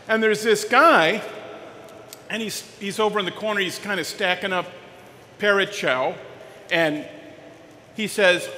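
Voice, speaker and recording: A man giving a motivational keynote at a business expo, telling a story in an animated way with lively asides. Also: high voice, a little slow, pauses often, slight background noise. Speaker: keynote speaker. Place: large expo hall. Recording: long hall reverb, faint ambience.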